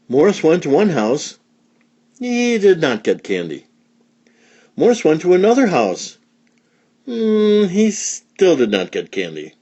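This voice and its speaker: A man reading a children's story aloud in an expressive read-along style. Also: fairly high pitch, takes it slowly, long pauses, slightly rough. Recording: dull lo-fi recording.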